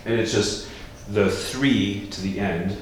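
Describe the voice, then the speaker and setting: Slow-talking man in a very echoey room. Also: far from the mic. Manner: casual explaining, breaks into sung Latin chant. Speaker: priest teaching chant. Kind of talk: informal chant lesson. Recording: very echoey room, faint rumble.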